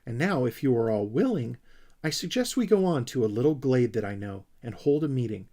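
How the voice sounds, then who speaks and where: A man's voice: mid-range voice, expressive, fairly quick, mellow, close to an everyday voice. A man doing a pompous, bossy little Snork. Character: fussy self-important young male Snork creature.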